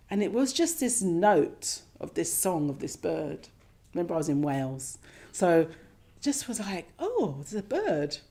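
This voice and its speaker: A woman telling a personal story at a meditation class, reflective and gently animated, sometimes acting out her own thoughts. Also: medium pitch. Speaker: speaker sharing her meditation experience. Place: meditation centre shrine room with a class.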